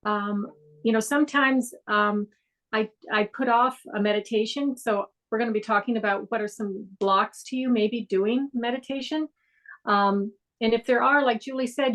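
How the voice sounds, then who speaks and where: A woman teaching a mindfulness class over a video call, talking gently and meandering with frequent fillers. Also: a little high, fairly even intonation, normal speed, low-quality recording. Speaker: meditation instructor. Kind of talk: guided meditation class.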